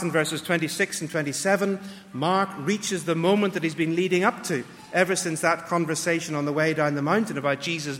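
A man's voice: a little high, fairly bright tone, in a large hall. A man preaching a sermon in an earnest, emphatic way, raising his voice when he acts out cries for help.

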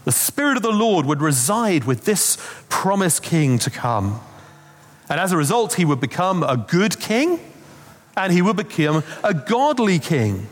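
A man's voice: sits high, very animated, measured pace. A man preaching a Christmas sermon, telling stories in a conversational way with asides. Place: church. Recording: long reverb of a church hall.

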